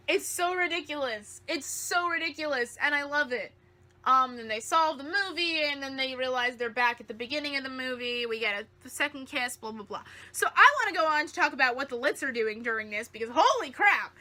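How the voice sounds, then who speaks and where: A woman's voice: high-pitched, lively intonation, moderate pace, pushed and bright. A woman reviewing a TV episode in a fan vlog, gushing with giggly, breathless enthusiasm.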